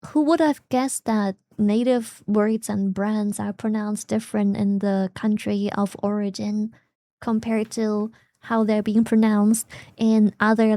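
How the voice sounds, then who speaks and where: A woman's voice: mid-range voice, warm tone, no echo, studio quality. A German woman streamer with a German accent, chatting casually in a sarcastic, giggly way and swearing freely. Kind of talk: casual chat.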